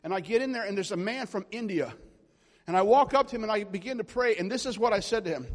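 A man in his forties preaching a charismatic sermon, telling stories and building to loud exhortation. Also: high voice, quick pace, in a large hall.

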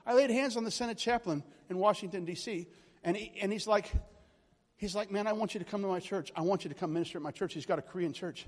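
A fast-talking man with a high voice delivers a charismatic sermon, rambling through lively stories and checking in with his congregation as he goes. A long hall reverb hangs on the recording.

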